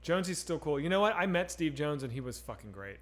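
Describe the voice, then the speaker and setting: A man's voice: a little high, sing-song, fast. A man streaming a game and chatting casually with his viewers, talking in a profane, rambling and candid way. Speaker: streamer reading chat. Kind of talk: casual live-stream chat while gaming.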